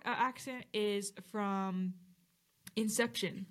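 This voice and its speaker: A woman's voice: medium pitch, expressive, a little fast, pushed and bright. A young adult woman co-hosting a casual chat podcast, telling stories and acting out her own quotes. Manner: chatty storyteller, acts out her own quotes. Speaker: podcast co-host.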